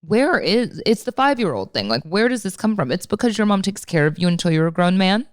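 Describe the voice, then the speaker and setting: A woman's voice: mid-range voice, sing-song, brisk, dry recording, studio quality. A woman co-hosting a podcast, telling stories in a candid, exasperated way and swearing often. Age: late 30s. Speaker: podcast co-host. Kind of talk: casual podcast chat.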